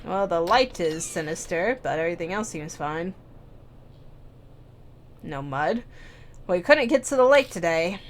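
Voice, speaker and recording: A woman's voice: fairly low pitch, a little hiss or hum. A young woman hosting a let's play, reading a visual novel aloud with wry, joking asides.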